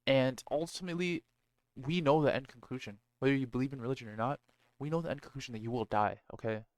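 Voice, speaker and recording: A man's voice: medium pitch, quick pace, darkish tone, no echo. A man giving a blunt, profane motivational talk, full of slang and rhetorical "right?"s. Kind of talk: casual motivational monologue.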